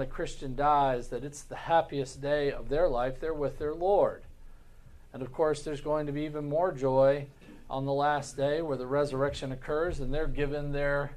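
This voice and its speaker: A male pastor leads a Sunday school lesson in a fairly high voice. He talks earnestly, restarts and repeats his words, and keeps asking the class questions. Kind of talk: Bible class teaching.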